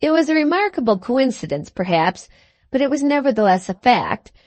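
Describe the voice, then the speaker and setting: A woman narrating an audiobook of a classic novel in a measured, unhurried way. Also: high voice, big pitch swings, darkish tone, no echo. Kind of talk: scripted narration.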